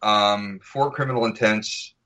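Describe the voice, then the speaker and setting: A man's voice: lowish voice, fairly even intonation, measured pace, sharp tone. An American man, an actor guest on a podcast, chatting casually and telling anecdotes, acting out voices and accents as he goes. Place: podcast recording.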